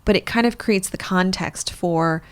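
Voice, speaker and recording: A woman's voice: on the low side, a little slow, clean tone. A woman co-hosting a podcast, explaining psychology in a thoughtful way with some fillers. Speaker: psychologist co-host. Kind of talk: podcast discussion.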